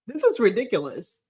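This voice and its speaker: A woman's voice: on the high side, mellow, slightly rough. Sarcastic woman streamer mocking celebrity news. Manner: sarcastic, incredulous, laughing often; reads article aloud mockingly. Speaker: livestream host. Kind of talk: casual commentary on celebrity news. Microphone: live stream camera setup.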